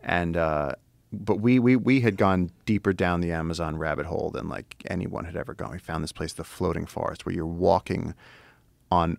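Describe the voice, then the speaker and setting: A man in casual conversation, telling an animated, profane adventure story with excitement. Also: deep voice, gravelly, no echo. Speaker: guest, wildlife explorer.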